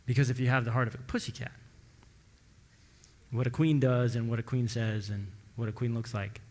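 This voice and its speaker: A man preaching a sermon as pastor, telling stories and acting out the dialogue with lively shifts of voice. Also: normal speed. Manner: storytelling, acting out dialogue with rising pitch. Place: church sanctuary. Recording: long church hall reverb.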